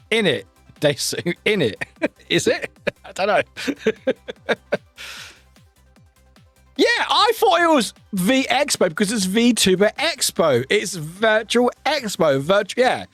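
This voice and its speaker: Lively, chatty British man. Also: high voice, slow pace, pauses often, no room sound, faint music behind. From United Kingdom. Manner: chatty, rambling, laughs often at himself. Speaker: livestreamer. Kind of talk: casual livestream chat with viewers.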